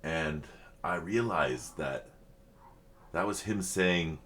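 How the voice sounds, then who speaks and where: Very deep-voiced man, heartfelt and halting. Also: a bit bright, slight background noise. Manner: halting, many fillers and restarts; heartfelt, openly emotional. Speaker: reaction video host. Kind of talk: casual reflective chat.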